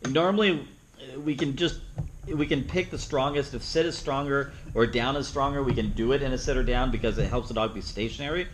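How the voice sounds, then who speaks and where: A man's voice: medium pitch, a little fast, noisy background. Man teaching a dog training seminar. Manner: plain-spoken, acts out the dog's thoughts in playful asides. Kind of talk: seminar teaching with live demonstration.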